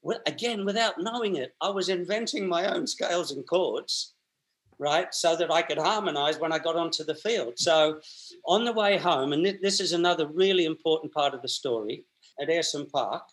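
This is a man in his sixties, speaking as a guest in an interview. His voice sits a little high for a man. He talks in a loose, colloquial storytelling way, with frequent restarts and repeated words. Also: normal speed, fairly bright tone. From Australia.

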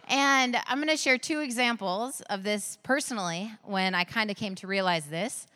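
A woman in her thirties gives an earnest sermon full of personal stories. Her voice is bright and forward. It rings with the long reverb of a large hall. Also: mid-range voice, normal speed, hardly any pauses. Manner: earnest, storytelling, laughs at her own stories. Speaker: preacher.

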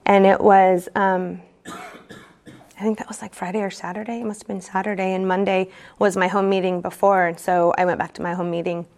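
A woman tells her personal recovery story to a support group in a medium-pitched voice. She speaks candidly and earnestly, often pausing on fillers and restarting her sentences. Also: little pitch movement, darkish tone. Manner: earnest and emotionally open. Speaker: speaker sharing at a recovery meeting.

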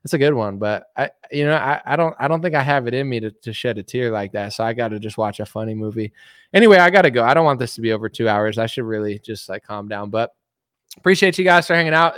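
A man's voice: mid-range voice, expressive, fast, a bit bright, smooth, dry recording, studio quality. A man hosting a podcast, giving loose, joking opinions with lots of fillers. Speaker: podcast host. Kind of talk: casual opinion chat.

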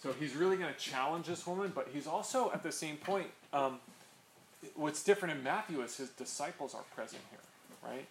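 This man runs a casual Bible study for a handful of listeners, keeping it conversational and tossing in plenty of "right?" His fairly high voice is expressive and slightly quick, and the room sounds echoey with a faint hum of background noise.

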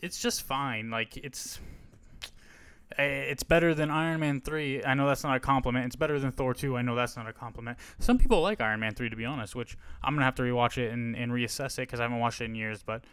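A man's voice: mid-range voice, quick pace, fairly bright tone, clear, resonant tone, no room sound. A man hosting a podcast, giving a casual, rambling and frank movie review on a close mic. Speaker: podcast host.

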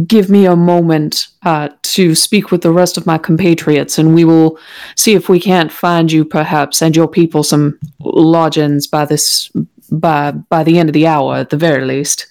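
A woman's voice: low voice, a little slow, a little mellow. A woman voicing a composed adult woman who speaks formally and graciously, with slight hesitations.

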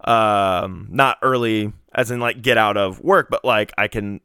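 A young man co-hosting a podcast, telling a story in a casual, animated way and acting out the quotes. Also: lowish voice, measured pace, smooth, dry recording, studio quality. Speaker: podcast co-host. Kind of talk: casual chat.

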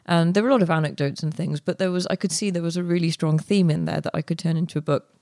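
A woman's voice: fairly low pitch, steady tone, quick pace, creaky, dark tone, no room sound. Woman telling a story in a dry, close recording. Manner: chatty, with frequent fillers and restarts. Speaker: guest author. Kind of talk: relaxed interview storytelling.

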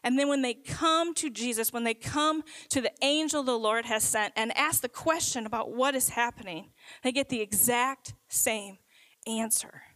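A woman preaching a sermon, earnest and emphatic, slowing down to stress her points. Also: on the high side, fairly bright tone, no room sound, low-quality recording.

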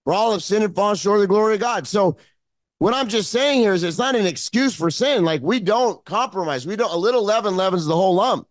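A man's voice: high-pitched, lively intonation, brisk, no room sound. A man preaching a fervent sermon as pastor, repeating his phrases and growing emotional.

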